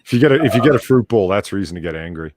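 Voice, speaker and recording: A man joining a livestream as a guest, trading wry, deadpan jokes in casual chat. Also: lowish voice, racing, no echo. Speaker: stream guest.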